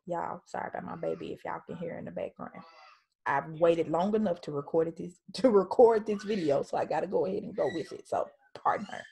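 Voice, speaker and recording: A woman's voice: fairly low pitch, normal speed, gravelly, mellow, slightly rough. A woman teaching a casual Bible study at home, talking in a conversational, emphatic way and reading scripture aloud.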